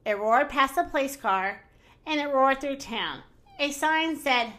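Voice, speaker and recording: A woman reading a children's picture book aloud in an expressive, animated storytelling manner. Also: high voice, unhurried.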